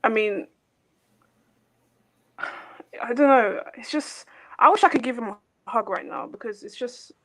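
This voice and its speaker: A woman's voice: a little high, expressive, measured pace, pauses often. A woman calling into a live stream as a guest, earnestly asking heartfelt questions. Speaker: guest caller. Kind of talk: casual live chat.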